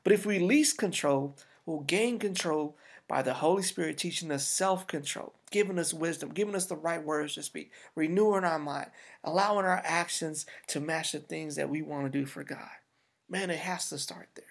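Man, pastor, sermon, slightly high voice, gravelly, conversational and emphatic. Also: normal speed. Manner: conversational and emphatic, addresses the congregation directly.

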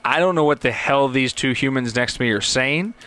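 A man's voice: medium pitch, fairly quick, bright, forceful tone. A man co-hosting a podcast in casual chat, asking questions and cracking sports jokes. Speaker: podcast co-host.

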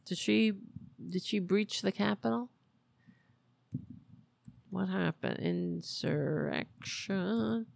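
A woman's voice: mid-range voice, slow pace, creaky, long pauses, a little mellow, no room sound. A woman hosting a political commentary podcast, talking in a sarcastic, mocking way. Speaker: podcast host.

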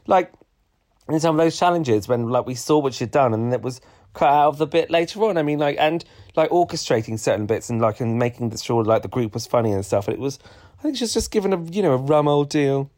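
A laid-back man co-hosting a podcast, swearing freely as he chats. His pitch rises and falls a great deal as he talks. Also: animated, a little fast, darkish tone. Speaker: podcast co-host. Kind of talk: casual chat.

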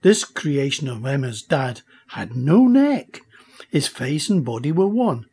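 Brief: husky, slow-paced male narrator for a children's audiobook, lively pitch. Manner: expressive, unhurried. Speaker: audiobook reader. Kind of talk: storybook narration.

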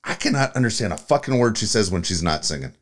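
A man's voice: on the low side, sing-song, quick pace. A man co-hosting a sports radio show, chatting casually, laughing along and swearing now and then, and reading a sponsor spot. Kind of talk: casual radio banter and live ad read.

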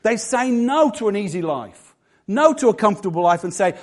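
High-voiced male pastor preaching. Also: lively intonation, moderate pace, darkish tone. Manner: conversational, self-deprecating preaching. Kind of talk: sermon.

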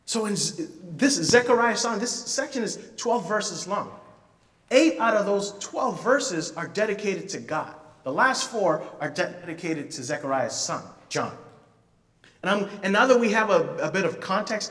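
Pastor guy preaching, lively storyteller, echoey hall, mic a bit far off. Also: high voice, moderate pace. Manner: animated storytelling with playful asides. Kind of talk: sermon.

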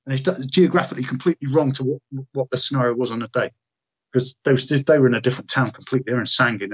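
Husky British man telling a frank story. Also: medium pitch. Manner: halting, restarts, frank and profane. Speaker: guest, military veteran. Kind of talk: personal storytelling in conversation.

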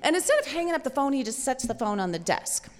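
A woman telling a story live on stage in an animated, playful, laughing manner. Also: high voice, fast, big-room sound.

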